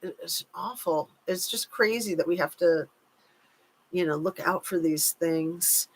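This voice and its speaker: A woman's voice: on the low side, slow, husky. Chatty woman hosting a live chat. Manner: chatty, reads comments aloud, cautious with hedging. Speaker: livestream host reading viewer chat.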